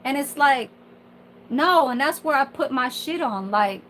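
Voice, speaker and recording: A woman's voice: sits high, lively intonation, a little slow, fairly bright tone, a little hiss or hum, poor audio. Candid, profane woman in her forties. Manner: candid, profane, rambling with many fillers. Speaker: kitchen worker. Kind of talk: casual venting monologue.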